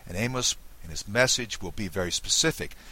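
A man from the Southern United States giving a recorded Bible lesson, explaining with lively emphasis. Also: on the low side, fairly quick, breathy edge, low-quality recording. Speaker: Bible teacher.

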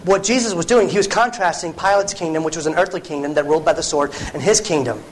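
A man with a high voice preaches a sermon to a congregation. He talks earnestly and conversationally, restarting phrases and dropping in asides as he goes. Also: quick pace, a little hiss or hum, low-quality recording.

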